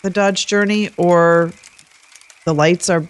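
A woman talking casually as a guest co-host on a podcast about her car, in an unhurried, chatty way. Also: on the low side, steady tone.

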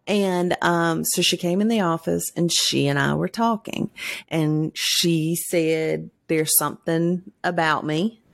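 A woman with a low, gravelly voice chats as a podcast co-host. She tells stories bluntly and with animation, swearing freely. The sound is dry and close. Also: steady tone, slow, dry recording. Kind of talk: casual chat.

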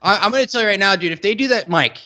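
Loud crude-talking man, a bit high-pitched. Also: very fast. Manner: loud, swearing, talks over others. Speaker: podcast co-host. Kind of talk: casual crude banter.

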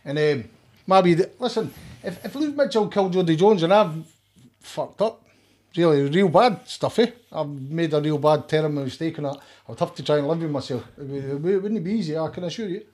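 A man's voice: a little high, lively intonation, brisk, a little mellow. A middle-aged man with a Scottish accent, talking as a guest in a heated, emphatic, sweary way with many restarts. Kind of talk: casual interview chat.

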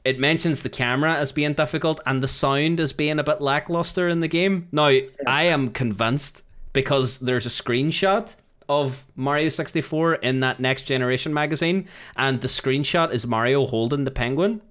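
A man co-hosting a podcast, telling stories in a wry, animated way. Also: medium pitch, normal speed. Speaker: podcast co-host. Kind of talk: casual chat.

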